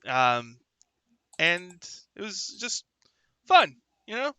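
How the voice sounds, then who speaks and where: A man's voice: high voice, huge pitch swings, drawn-out words, pushed and bright, smooth, no echo. A man hosting a livestream talk show, chatting casually and rambling, with lots of fillers and restarts, sometimes reading viewer comments aloud. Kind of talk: casual chat.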